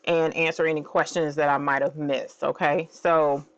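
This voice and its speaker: A woman hosting a casual craft stream, bubbly and excitable, often squealing and laughing. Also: low-pitched, moderate pace, no room sound. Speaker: crafting channel host. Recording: dull, slightly lo-fi sound.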